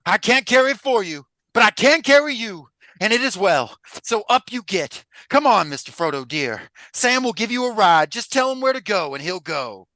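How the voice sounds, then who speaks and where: An earnest, devoted hobbit lad with a Southern US drawl and a preacher-like testifying lift, as a man puts him on. The voice sits high and rings loud and bright, with a slow, fervent, storybook swing. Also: sing-song, no room sound, full character voice. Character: earnest male hobbit servant, simple country lad.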